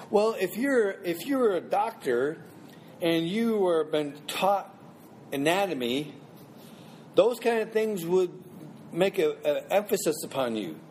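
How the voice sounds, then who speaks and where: A man's voice: sits high, animated, moderate pace, darkish tone, a little hiss or hum. A man teaching a Bible class in a conversational way, asking the class questions and repeating points for emphasis.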